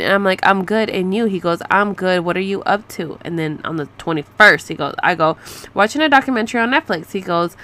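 A woman's voice: mid-range voice, expressive, fast, a bit bright. A woman in her thirties telling a story in a casual, sassy way, reading out chat messages with profane asides. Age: 30s. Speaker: vlogger. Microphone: close to the mic.

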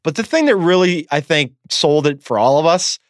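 A man's voice: fairly high pitch, expressive, no room sound. A man hosting a sports podcast in a studio, talking casually and laughing easily. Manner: chatty, laughs easily, quick asides. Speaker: podcast host.

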